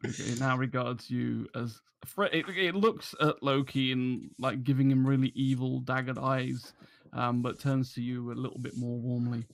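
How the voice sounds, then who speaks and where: A man's voice: medium pitch, fairly even intonation, moderate pace, creaky, few pauses. A man narrating as dungeon master in a tabletop game, hesitant and full of ums and restarts.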